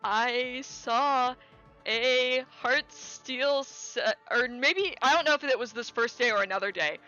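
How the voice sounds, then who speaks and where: A young woman streamer chatting casually, telling a story with lots of fillers, restarts and excited quoted lines. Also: on the high side, takes it slowly, muffled recording, faint music behind. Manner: animated, rambling with many fillers and restarts, quoting people in raised voice.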